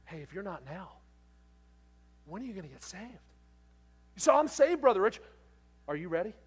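Animated high-voiced male preacher. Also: normal speed, slight background noise. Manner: animated storyteller, acting out voices, swinging from loud to hushed. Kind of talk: sermon with storytelling.

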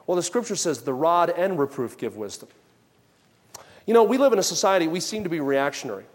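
A man's voice: expressive, fairly quick. Man preaching in a reverberant hall. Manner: conversational and anecdotal, drops soft and low when quoting himself. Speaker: pastor. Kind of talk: sermon.

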